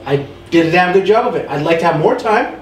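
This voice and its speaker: A man in his thirties on a podcast, talking calmly and reflectively about facing a scare, laughing easily. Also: high voice, fast. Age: 30s. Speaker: podcast co-host. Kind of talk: casual chat. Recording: roomy sound, mic at a distance.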